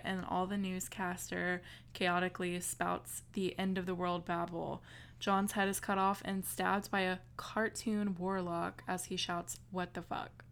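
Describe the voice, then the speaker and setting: A woman's voice: fairly low pitch, gravelly, fairly bright tone, smooth. A woman co-hosting a podcast, chatting casually and peppering her speech with "like". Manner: chatty, lots of "like". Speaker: podcast co-host. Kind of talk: casual chat.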